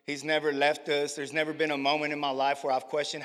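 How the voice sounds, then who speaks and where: A young man tells his faith story to a congregation in a casual, slangy way. His voice is bright and pushed forward, a little higher than most men's. It rings out with the long reverb of a church hall. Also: monotone, fast. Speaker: church member giving testimony. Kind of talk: testimony to a congregation.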